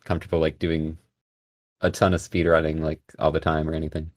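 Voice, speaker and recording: A man guesting on a podcast, talking casually in a soft, hesitant way with many fillers. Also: extremely low pitch, flat delivery, fairly quick, no room sound. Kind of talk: casual chat.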